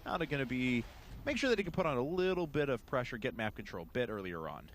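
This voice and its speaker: Man, esports commentator, play-by-play, jokey, excitable, lively pitch. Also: fast, a little hiss or hum. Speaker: esports caster.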